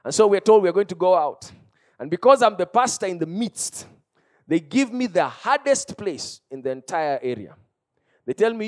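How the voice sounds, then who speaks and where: A Kenyan man in his thirties preaching a sermon as pastor, with impassioned delivery that swings between loud cries and hushed storytelling. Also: high voice, very animated, normal speed.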